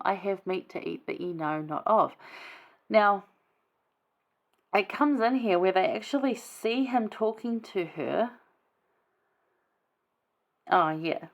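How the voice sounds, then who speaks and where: A woman giving casual scripture commentary in a chatty, informal way, reading verses aloud and then explaining them. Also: low voice. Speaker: Bible study vlogger.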